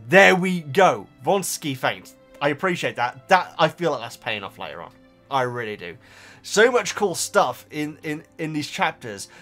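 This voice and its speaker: A man chats to camera as he reads viewer comments aloud, his voice sitting high and swinging widely up and down. He talks in an animated way, tripping over his words and restarting his sentences. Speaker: video host reading viewer comments. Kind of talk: casual chat to camera.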